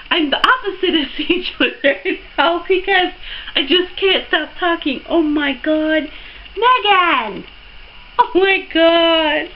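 A young woman unboxing a surprise package on her vlog, gasping and gushing over every item in breathless excitement. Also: sits high, dull audio, slight background noise. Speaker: beauty vlogger.

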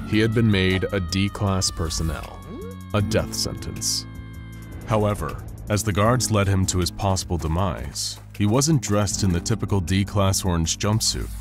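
Deep-voiced male story narrator. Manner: measured, dramatic storytelling.

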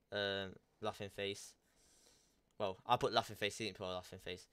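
A man's voice: fairly low pitch, level tone, measured pace, pauses often, a bit bright, smooth. A young man telling a story in a crude, rambling way, reading out text messages with plenty of swearing. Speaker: YouTuber. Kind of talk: casual storytelling, reading out texts.

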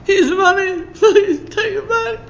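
A man voicing a terrified, pleading Judas in a high, frantic voice during a sermon. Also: measured pace, vocal fry, a bit bright, slight background noise, exaggerated voice. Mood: desperate pleading.

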